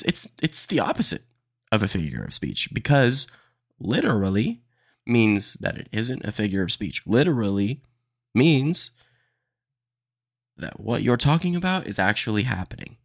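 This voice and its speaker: A man hosting his own podcast, ranting in a casual, animated way and calling listeners "dude" and "man". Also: mid-range voice, normal speed, vocal fry, no echo, studio quality. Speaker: podcast host. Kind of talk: solo casual podcast rant.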